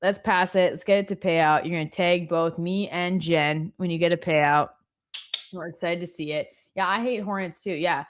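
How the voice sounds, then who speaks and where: A woman's voice: on the low side, fairly even intonation, normal speed, a little hiss or hum. Chatty woman telling stories on stream. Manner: chatty storyteller, laughs often. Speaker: live stream co-host. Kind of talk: casual chat.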